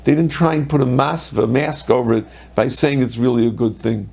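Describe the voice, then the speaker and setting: A man who is a rabbi giving a Torah lecture, animated, acting out quoted voices with sudden pitch jumps. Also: brisk, creaky.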